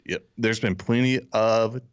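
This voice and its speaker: A man's voice: lowish voice, unhurried, clear, resonant tone, muffled recording. A man co-hosting a podcast, talking bluntly and a bit sarcastically in casual chat. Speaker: podcast co-host.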